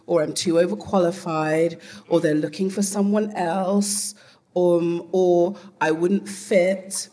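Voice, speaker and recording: A woman's voice: fairly low pitch, warm tone. A woman at a live panel telling a blunt, candid story, swearing freely.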